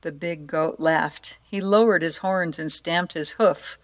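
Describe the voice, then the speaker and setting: Woman storyteller, slightly low pitch, playful expressive read-aloud. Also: takes it slowly. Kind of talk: storybook narration and short devotional.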